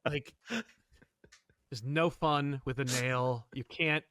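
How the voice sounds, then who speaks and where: A man co-hosting a comic book podcast in a casual, animated chat. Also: mid-range voice, very slow, no echo. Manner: animated, jumps into quoted voices and laughs. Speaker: podcast co-host.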